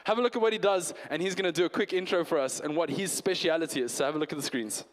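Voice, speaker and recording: Chatty preacher in a reverberant hall. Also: male voice, fairly high pitch, very fast. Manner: conversational, animated, asks the congregation questions. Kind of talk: New Year's Eve sermon. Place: church hall.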